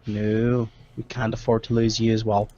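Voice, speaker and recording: A man's voice: on the low side, little pitch movement, moderate pace, mellow, highs cut off, pitched below the performer's own voice, lightly acted. A man voicing a cautious male adventurer in a tabletop game, pleading with a put-on accent.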